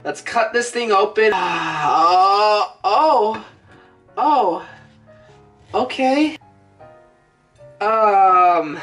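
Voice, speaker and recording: A woman hosting a casual cooking vlog, talking in a playful, joking way with excited exclamations. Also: high voice, takes it slowly, faint music behind. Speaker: cooking video host.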